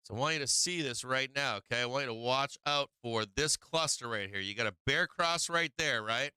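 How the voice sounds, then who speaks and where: A man talks viewers through stock charts in a casual livestream, often checking in with "right?" and "okay?". His voice is strikingly bright and crisp, at a middle pitch. The recording is dry and close, with no room sound. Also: brisk, no room sound. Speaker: stock market livestream host. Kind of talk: casual live-stream market commentary.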